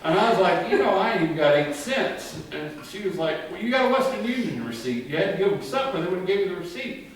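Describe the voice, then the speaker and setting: A man's voice: sits high, very animated, quick pace. A man doing a crude, rambling stand-up monologue, swearing a lot and laughing at his own jokes. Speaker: stand-up comedian. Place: live comedy venue. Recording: echoey live room from far off. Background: crowd.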